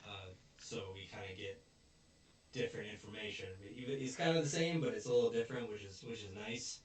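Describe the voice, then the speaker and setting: A man's voice: on the low side, fairly quick. A man casually recapping a show episode, acting out the characters' lines as he retells scenes. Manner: retells scenes with animated quoted voices. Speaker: podcast co-host. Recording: roomy echo, distant mic.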